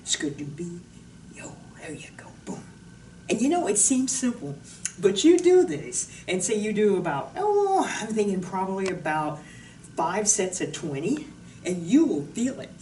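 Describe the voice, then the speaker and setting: A woman's voice: medium pitch, very animated, measured pace, dark tone, far from the mic. Bubbly woman fitness instructor, roomy sound. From Pacific Northwest of the US. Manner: bubbly, jokey, chatty. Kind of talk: casual exercise demonstration. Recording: roomy echo, voice from off the mic, faint noise.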